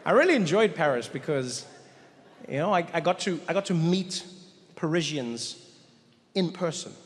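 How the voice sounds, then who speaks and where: A man doing stand-up storytelling in a large live venue, animated and acting out voices. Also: a little high, normal speed. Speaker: stand-up comedian. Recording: echoey hall with crowd noise. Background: audience laughter.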